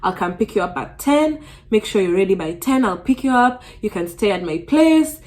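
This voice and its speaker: A young woman quoting her kind supervisor in a higher, warm and reassuring voice. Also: lively intonation, normal speed, natural voice.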